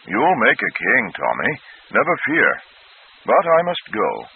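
A man's voice: medium pitch, wildly swooping pitch, takes it slowly, voice pushed up, exaggerated voice. A man doing a sly old court magician. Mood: coaxing. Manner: smooth, falsely gentle, mocking. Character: scheming sly aging male court magician. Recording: tinny phone-like sound.

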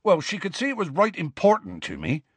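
Give me a huge, gentle, desperate giant man, voiced by an audiobook reader, earnest and rustic. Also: sits high, wildly swooping pitch, fairly quick, husky, dry recording, pitched above the performer's own voice, full character voice. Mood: anxious, explaining. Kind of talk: audiobook character voice.

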